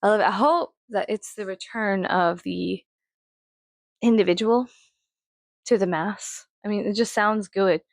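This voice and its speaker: A young woman from Texas, with a mild Texas accent, rambles through a casual vlog monologue. She swears freely and breaks into other people's voices with sudden pitch jumps. Her voice has a gravelly fry, and the recording is dry and close. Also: a little slow, pauses often, no room sound. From Texas, USA. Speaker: vlogger.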